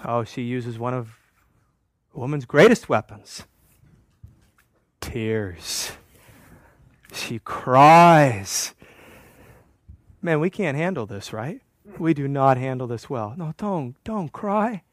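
A man's voice: mid-range voice, expressive, slow, long pauses, no room sound. A man preaching a sermon in a church, with a conversational, wry manner that teases the congregation. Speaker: pastor.

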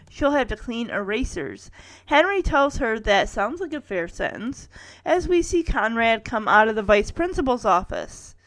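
A woman's voice: on the high side, fairly bright tone, no room sound. A woman in her thirties casually recapping a TV episode, with wry personal asides and chuckles.

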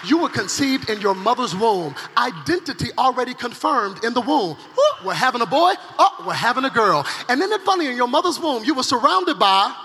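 High, lively preaching man in a hall. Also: brisk, hardly any pauses, slight background noise. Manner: dramatic preaching, swinging from loud acted cries to hushed intensity. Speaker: pastor. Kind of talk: energetic sermon. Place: large conference hall. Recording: live sermon with hall reverb and faint music.

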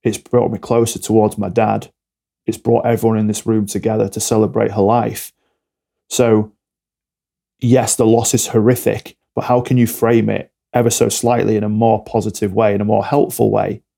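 A man's voice: lowish voice, flat delivery, normal speed, creaky, dark tone. A man talking bluntly and directly as a coach being interviewed on a podcast. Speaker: alcohol-free coach, podcast guest.

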